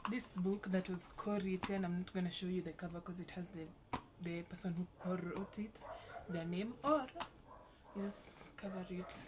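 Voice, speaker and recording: A woman's voice: lowish voice, background noise. A young woman hosting a casual vlog, rambling and swearing lightly as she reads her old writing aloud. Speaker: YouTube host.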